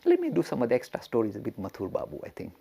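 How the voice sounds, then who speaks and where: A man teaching through a story, his voice gravelly and a little husky. He talks with plenty of rise and fall, chuckles often and asks rhetorical questions along the way. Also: mid-range voice, wildly swooping pitch, quick pace, dark tone. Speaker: religious teacher. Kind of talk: storytelling lecture.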